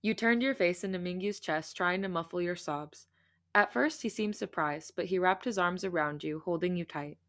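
A woman podcast host reading fan fiction aloud and breaking into animated, laughing asides. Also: fairly low pitch, normal speed.

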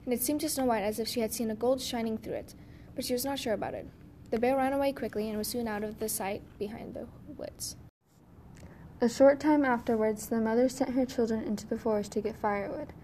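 A woman reads a fairy tale aloud at a steady, measured pace. Her voice sits fairly high, with a faint low rumble behind it. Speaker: narrator.

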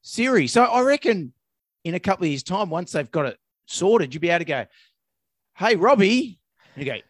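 Easygoing Australian man, slightly high voice. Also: quick pace, no echo. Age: middle-aged. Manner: relaxed, laughs often, says mate. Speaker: podcast co-host, vet. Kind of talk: casual chat.

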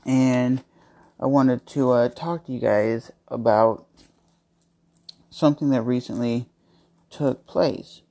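A man talks through a casual, unpolished podcast from his home kitchen. His voice sits at an ordinary middle pitch for a man. He tells a personal story candidly and in a rambling way. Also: fairly even intonation, slow, long pauses, warm tone. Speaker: podcast host.

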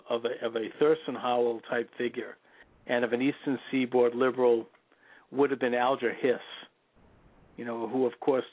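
A man's voice: medium pitch, dry recording. Man, talk radio host, opinionated commentary, lots of "you know", narrow phone-line sound, dry. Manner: opinionated, leans heavily on "you know" fillers. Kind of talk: political commentary monologue.

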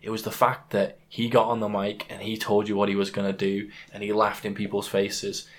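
Low-ish voiced guy on a fight podcast, pushes his points hard. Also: completely flat delivery, brisk. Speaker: podcast co-host. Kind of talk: casual MMA chat.

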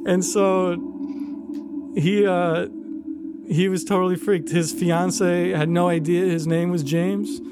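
A man co-hosting a podcast, telling a wild story in a casual, animated way, laughing and swearing as he goes. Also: high voice, slow, loud music behind the voice. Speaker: podcast co-host. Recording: loud background ambience.

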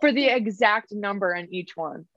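A young woman co-hosting a podcast in casual chat, talking with many fillers and pausing to search for words. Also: medium pitch, animated, no echo, muffled recording. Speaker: podcast co-host.

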